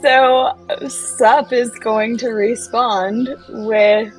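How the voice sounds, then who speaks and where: A woman playing a tabletop role-playing game, talking with hesitant pauses and laughing asides. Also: fairly high pitch, soft background music, rough recording. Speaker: player. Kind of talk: tabletop role-play chat.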